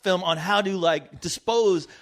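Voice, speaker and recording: A man co-hosting a film review podcast who talks enthusiastically and profanely in casual chat. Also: high-pitched. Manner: enthusiastic, profane, drawn-out phrasing.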